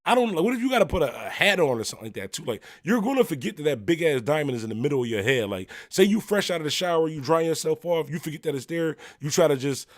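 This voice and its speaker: Buffalo dude hosting a livestream, rambling quick with lots of ums, dry room. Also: male voice, fairly high pitch, animated, no echo. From Buffalo, New York. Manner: rambling and conversational, full of fillers and shout-outs. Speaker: host of a music talk livestream. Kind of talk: casual livestream chat, reading viewer comments.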